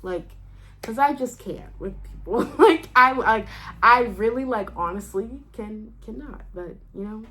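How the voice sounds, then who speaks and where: A woman's voice: fairly high pitch, unhurried, a little hiss or hum. A young adult woman ranting casually to camera in a vlog, rambling with many fillers and restarts, laughing between phrases. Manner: animated, rambling, many "like" fillers and self-interruptions. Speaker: vlogger.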